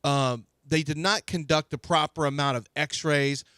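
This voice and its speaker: A male sports radio host on a heated rant, with indignant, rapid-fire complaints and frequent restarts. His voice sits a bit high for a man, and the sound is close and dry with no room around it. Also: steady tone, bright, forceful tone, clean tone, no room sound. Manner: indignant, ranting, many restarts.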